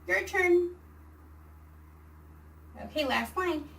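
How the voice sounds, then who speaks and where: A kindergarten teacher giving a virtual reading and phonics lesson, reading each word slowly and clearly for young children. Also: female voice, high voice, far from the mic, poor audio. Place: home or classroom, recording a video lesson.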